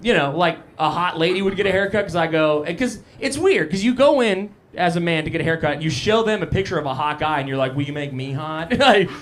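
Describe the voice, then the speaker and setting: On a small cafe stage, a young male stand-up comedian performs a live set, his voice pitched fairly high for a man and fairly bright. Speaking into a handheld mic, he's animated and quick with few pauses, loosely riffing with the crowd and making fun of himself.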